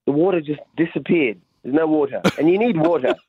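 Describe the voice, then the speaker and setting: Comedian guy on radio, kinda high voice, goofy self-deprecating storytelling, dry and a bit muffled. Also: brisk, slightly rough, no room sound. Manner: animated, self-mocking, acts out quotes. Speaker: comedian guest. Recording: slightly dull radio sound.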